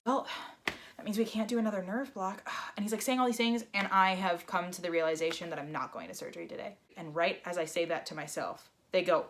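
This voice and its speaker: Young woman doing a storytime vlog, super animated, plays all the voices she quotes. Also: fairly low pitch, brisk. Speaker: vlogger.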